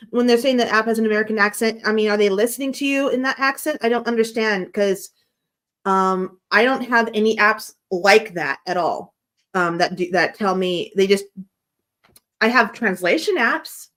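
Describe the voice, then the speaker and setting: A woman's voice: fairly high pitch, moderate pace, fairly bright tone. A woman in a casual chat, talking in long rambling turns full of restarts and questions. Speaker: guest from the American team.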